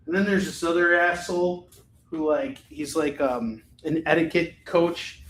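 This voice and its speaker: A man's voice: on the high side, unhurried, fairly bright tone, slight background noise. A man hosting a live comic-book sales stream, chatting casually, rambling and swearing freely as he prices each book. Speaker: live shopping stream host selling comics. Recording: echoey room.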